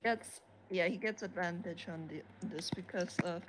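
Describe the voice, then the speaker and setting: A woman's voice: lowish voice, moderate pace, very noisy. A woman narrating her character in a casual tabletop role-play, rambling with many fillers. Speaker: player and co-narrator.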